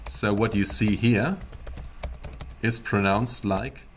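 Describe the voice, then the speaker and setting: A man teaching a beginner language class, explaining pronunciation slowly in a playful, teasing way. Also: lowish voice, fairly even intonation, slight background noise. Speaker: German teacher.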